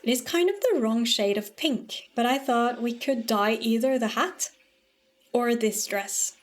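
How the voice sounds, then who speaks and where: A woman's voice: fairly high pitch, measured pace. A young woman with a light Norwegian lilt, chatting casually as a streamer while gaming, rambling and filling her talk with "um" and "like". Her voice sounds a little strained from a long day of talking. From Norway. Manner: chatty and rambling, hesitant, with many "like" and "um" fillers.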